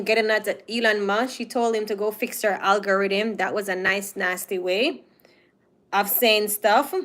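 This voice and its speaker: A woman with a Jamaican accent talks through a casual commentary monologue in a somewhat higher voice. She is animated and opinionated, and she draws out the phrases she wants to stress. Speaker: commentary host.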